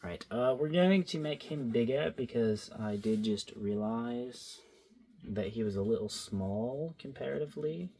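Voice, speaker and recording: A man's voice: mid-range voice, lively intonation, measured pace, mellow, husky. A young man chatting to himself while he draws, recorded on his phone, rambling and playful. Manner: rambling, self-talking, playful. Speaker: vlogger drawing. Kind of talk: casual drawing commentary.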